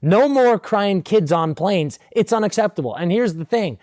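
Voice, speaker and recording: Ranting young man, slightly high voice. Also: expressive, moderate pace, darkish tone, dry recording, studio quality. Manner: mock-outraged ranting, exaggerated. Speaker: podcast co-host. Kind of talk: casual comedic podcast banter.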